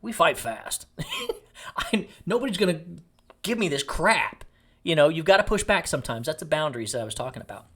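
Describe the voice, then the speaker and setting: A man's voice: on the high side, wildly swooping pitch, normal speed, fairly bright tone, breathy edge. A middle-aged man from Texas, a podcast host giving a blunt, jokey motivational monologue.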